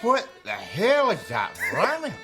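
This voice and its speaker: The voice is high and exaggerated, swooping wildly in pitch at an unhurried pace. It belongs to a man acting a crude, scruffy middle-aged sitcom character from Glasgow who mocks people with sarcasm, in a TV clip with music over it.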